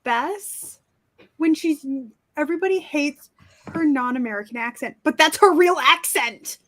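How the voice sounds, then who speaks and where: A woman in casual chat, eagerly jumping in with quick examples. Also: sits high, animated, fairly bright tone.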